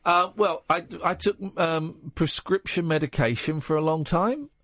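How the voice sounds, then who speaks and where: A man in his forties hosting a late-night phone-in, talking casually with halting restarts. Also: on the high side, fairly bright tone, no echo, clean studio sound. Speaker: radio phone-in host. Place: radio studio. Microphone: studio mic.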